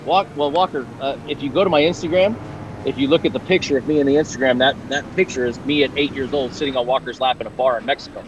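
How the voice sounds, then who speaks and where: A man guesting on a racing stream, goofy and excitable, cheering cars on loudly. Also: mid-range voice, fast, muffled recording. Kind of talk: casual chat while watching a sim race. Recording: distant mic with loud noise.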